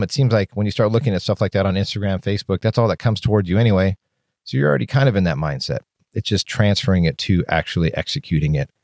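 A man with a low, deep voice talks straight to the listener in a solo podcast. He is blunt and candid and swears casually as he rambles through his thoughts. The recording is dry and close. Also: a little mellow, no room sound. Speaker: podcast host and firefighter.

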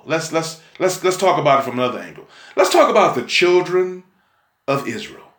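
A man preaching a sermon emphatically, breaking into shouts and prodding listeners with "huh?". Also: on the high side, echoey room. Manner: emphatic, call-and-response "huh?", sudden shouts.

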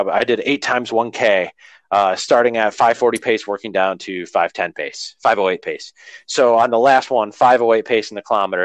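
Man, earnest rambling talker, lowish voice, dry close sound. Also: no room sound. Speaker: runner talking about training. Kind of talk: casual podcast conversation.

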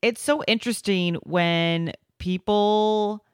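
A woman's voice: medium pitch, slow, clean tone, no echo, studio quality. A woman hosting a casual chat, reflecting on a guest's story in a chatty way.

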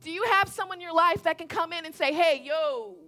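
A young woman preaching a sermon in an animated, conversational way, repeating her points and checking in with the audience. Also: extremely high pitch, fast talker, faint music behind.

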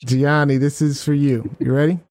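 A man's voice: a little high, little pitch movement, moderate pace, background noise. A man hosting a party game on a talk show, upbeat and laughing often. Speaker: host.

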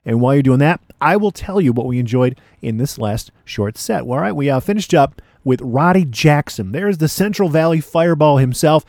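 A man's voice: a little high, expressive, brisk, few pauses, a little mellow, no room sound, studio quality. A man hosting a radio music show, chatting in a laid-back way between records with frequent fillers. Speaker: radio DJ host.

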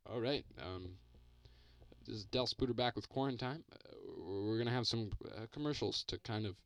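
A man's voice: medium pitch, moderate pace, a bit bright, no echo. A man hosting a mock radio show, stammering and full of ums and uhs. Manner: hesitant, filler-heavy, stammering. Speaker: podcast host.

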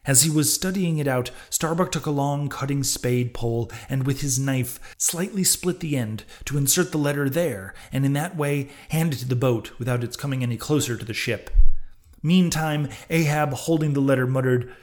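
A man hosting a podcast, reading a classic novel aloud in measured, steady audiobook narration. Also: mid-range voice. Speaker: podcast reader and host.

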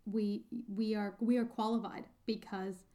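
A woman co-hosting a book podcast in casual chat, halting and full of fillers. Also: mid-range voice, little pitch movement, dark tone. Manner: chatty, halting, many fillers and restarts. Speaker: podcast co-host.

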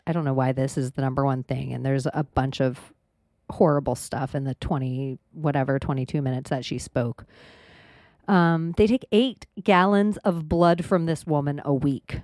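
A woman hosting a podcast, rambling casually with frequent swearing and animated outbursts. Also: sits low, unhurried, dry recording, clean studio sound. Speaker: podcast host. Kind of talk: casual monologue.

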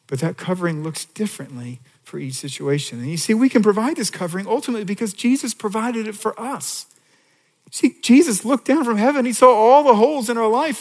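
Slightly high-voiced man preaching in a church. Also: fairly quick. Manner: conversational, animated preaching with rhetorical questions. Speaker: pastor. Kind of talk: sermon. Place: church sanctuary with seating. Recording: long reverb of a church hall.

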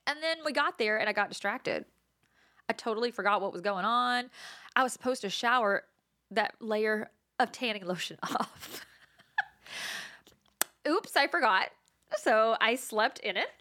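Bright-voiced woman telling funny stories. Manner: animated, laughs often, acts out voices in high pitch. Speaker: podcast host. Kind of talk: casual storytelling monologue.

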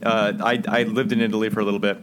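Measured man explaining things on a podcast. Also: fairly low pitch, level tone, background noise. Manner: measured, explanatory, dry wordplay. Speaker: trivia team member. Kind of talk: casual podcast chat.

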